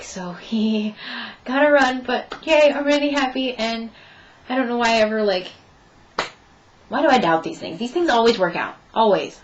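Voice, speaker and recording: A woman's voice: mid-range voice, highs cut off, slight background noise. A young woman telling a story in a casual vlog update, chatting and acting out both sides of her conversations. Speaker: vlogger.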